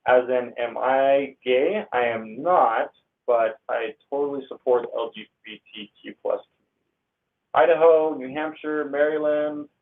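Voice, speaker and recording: Gravelly young man on a tinny stream. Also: medium pitch, normal speed. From Northern California. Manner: reads out viewer comments, upbeat and slangy. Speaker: livestream host. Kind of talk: casual livestream chat. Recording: tinny phone-like audio.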